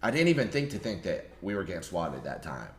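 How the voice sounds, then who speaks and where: A young adult man, a streamer, telling a story in a casual, animated way, full of slang and cursing. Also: deep voice, fast talker. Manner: animated, slangy, swears freely. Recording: roomy echo.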